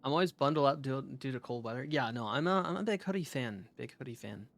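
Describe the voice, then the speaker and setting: A man's voice: medium pitch, fast, vocal fry. A young man streaming a game live, chatting casually with lots of fillers and restarts.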